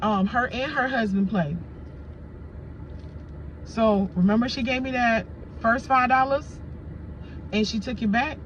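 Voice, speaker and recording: A woman vlogging outdoors, casually telling a story to camera with animated asides to her viewers and blunt, salty language. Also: fairly high pitch, a little slow, pauses often, highs cut off, slight background noise. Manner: chatty, animated retelling with frequent asides to viewers. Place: outdoors in sunlight.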